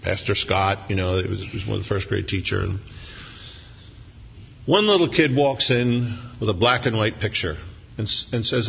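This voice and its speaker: A male pastor preaches with a gravelly, fry-edged voice that carries a long reverb through a big church. He moves between humorous stories and earnest reflection. The recording sounds dull and lo-fi, with a faint hiss underneath. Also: on the low side, lively intonation, normal speed. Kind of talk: sermon.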